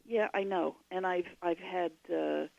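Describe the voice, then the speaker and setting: A woman's voice: lowish voice, steady tone, a little slow, vocal fry, no room sound, lo-fi sound. A woman, a guest author on a radio interview, giving long and digressive explanations.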